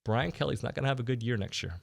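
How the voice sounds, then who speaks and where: A man's voice: medium pitch, vocal fry. A man hosting a sports talk show in a studio, in casual, teasing banter with his guests. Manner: jokey, upbeat, quick to tease. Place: radio studio.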